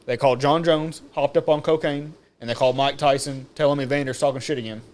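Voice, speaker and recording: A man's voice: medium pitch, steady tone, brisk, a little mellow. A man co-hosting a casual movie review podcast, brash and joking as he retells the plot. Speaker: podcast co-host.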